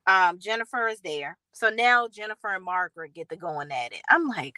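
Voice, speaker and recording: A woman hosting a reality TV recap vlog, talking bluntly and with sass, in slangy, animated storytelling. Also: mid-range voice, normal speed, hardly any pauses, dry recording, rough recording. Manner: blunt, sassy, slangy commentary; animated storytelling with acted quotes.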